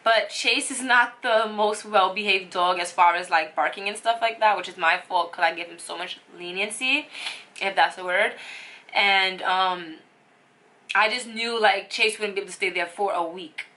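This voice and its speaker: A woman's voice: medium pitch, normal speed, sharp tone. A young woman telling a personal story on her vlog, emotional and rambling with lots of fillers. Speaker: vlogger.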